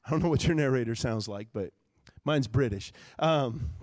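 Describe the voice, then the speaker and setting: A man from Texas preaching a live sermon in a church, swinging between loud preaching and quiet, joking asides. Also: medium pitch, lively intonation, moderate pace, no room sound. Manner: conversational, humorous, with many fillers. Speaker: pastor. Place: church sanctuary.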